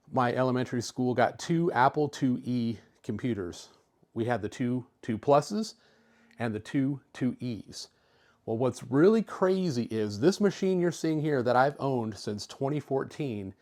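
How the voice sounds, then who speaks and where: A man's voice: mid-range voice, a little mellow. A man in his fifties, a retro-computer video host, casually telling a personal story to camera in a chatty, easygoing way. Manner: chatty, easygoing, with filler words.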